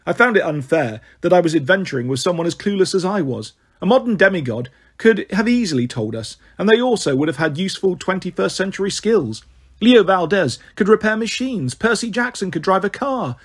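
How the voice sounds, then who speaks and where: A man's voice: high-pitched, animated, brisk, slightly rough. A man narrating an audiobook in first person, telling the story expressively.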